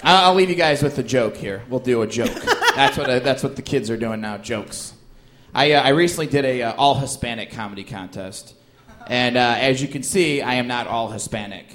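A guest stand-up comedian speaks fairly quickly in a medium-pitched, slightly bright voice. He trades loose, joking banter and a stand-up bit, full of fillers and laughter.

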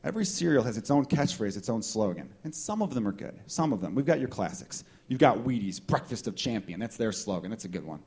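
A man doing a stand-up comedy set, riffing with profane, animated delivery in front of a small live crowd. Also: lowish voice, fast, few pauses, breathy edge.

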